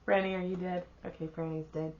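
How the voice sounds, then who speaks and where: A woman's voice: lowish voice, little pitch movement, a little mellow, muffled recording. A middle-aged woman co-hosting a podcast with her husband, chatting casually about family. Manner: chatty, quick to laugh. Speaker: podcast co-host. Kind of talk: casual chat.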